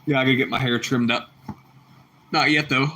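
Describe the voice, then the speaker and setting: Bright, chatty livestream guy. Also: mid-range voice, steady tone, fairly quick. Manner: chatty, repeats himself, calls viewers bro and bucko; laughs a lot. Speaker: livestream host reading chat. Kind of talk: casual livestream chat.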